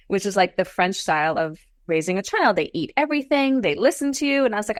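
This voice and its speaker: A woman in her forties, a podcast guest, telling her story in a casual interview, animated and climbing into high exclamations. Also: fast talker, hardly any pauses, dry recording, clean studio sound. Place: Los Angeles.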